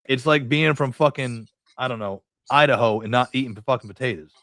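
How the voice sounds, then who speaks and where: A man's voice: medium pitch, brisk, fairly bright tone, no echo, studio quality. Profane storytelling man from New England. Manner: profane, rambling anecdotes with acted-out dialogue. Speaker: podcast host. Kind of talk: casual storytelling chat.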